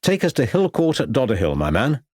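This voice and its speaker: A man voicing a calm, methodical police inspector. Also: mid-range voice, dry recording, clean studio sound, voice pushed up. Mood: measured. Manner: polite, measured.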